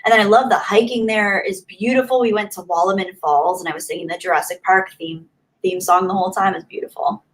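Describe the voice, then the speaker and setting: A woman hosting a casual livestream, chatting and laughing as she reads viewer comments aloud. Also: mid-range voice. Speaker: livestream host. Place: home in Southern California.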